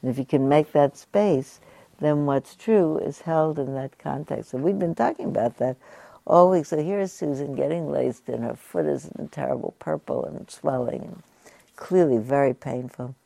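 A woman meditation teacher giving a dharma talk, telling a story gently and unhurriedly, with asides to her listeners. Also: sits low, normal speed, creaky, no echo.

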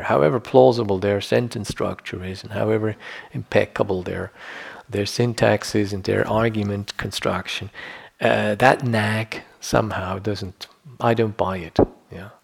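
A man's voice: on the low side, creaky, slightly rough. A middle-aged man giving a meditation teaching, reflective and conversational, often checking in with "you know" and "yeah". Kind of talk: dharma talk.

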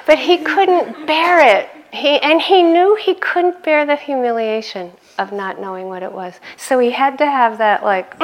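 Middle-aged female meditation teacher, relaxed conversational talk, a touch high-pitched, quick to laugh. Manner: conversational, laughs often, animated in anecdotes. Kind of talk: dharma talk.

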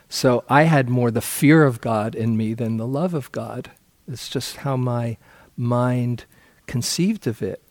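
Slow-spoken man giving a dharma talk. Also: mid-range voice, dry recording. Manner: relaxed storytelling with soft laughs. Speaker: meditation teacher.

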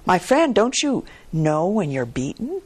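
A woman's voice: low-pitched, expressive, slow pace, a little mellow, breathy edge, heavily acted. A woman voicing a smug male merchant in a told fable, merry and condescending. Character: smug, self-assured male merchant gambler.

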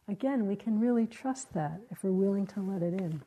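Soft-spoken woman giving a dharma talk. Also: mid-range voice, expressive, poor audio. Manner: gentle, reflective, halting phrasing. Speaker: meditation teacher. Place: meditation hall.

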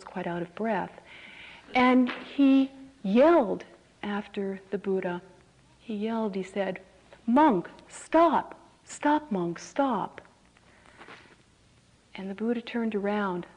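A woman meditation teacher gives a calm dharma talk at a mid-range pitch. She speaks in a measured way and often softens to a near-whisper. She also poses slow, repeated reflective questions. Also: rough recording.

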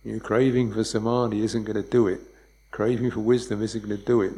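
A man giving a dharma talk as a meditation teacher, speaking in a relaxed, conversational way and chuckling often. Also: on the low side, fairly quick, poor audio.

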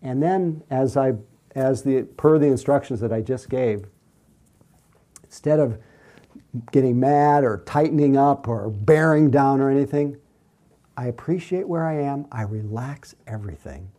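A man teaching mindfulness to a class and answering questions in a gentle, unhurried, soothing way. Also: mid-range voice. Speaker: meditation teacher.

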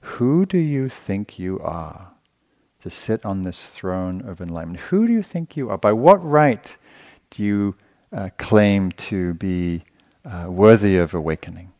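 A man's voice: low-pitched, lively intonation, a little slow, a little mellow. A man voicing a taunting demon spirit who mockingly challenges a meditator's worth. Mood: scornful.

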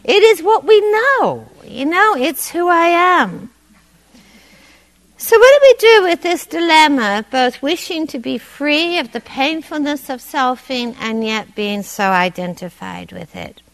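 A woman meditation teacher giving a dharma talk in a meditation hall, conversational and gently humorous. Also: high voice, big pitch swings, unhurried.

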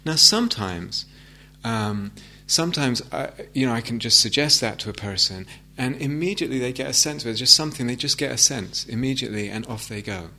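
A man giving a meditation talk, gentle and reflective, with frequent hesitant restarts. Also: mid-range voice, lively intonation, fairly quick, gravelly, hardly any pauses. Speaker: meditation teacher. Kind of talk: dharma talk. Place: meditation hall with audience.

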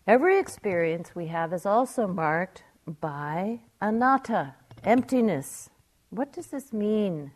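An older woman, a meditation teacher, giving a gentle, reflective dharma talk. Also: mid-range voice, animated, slow pace.

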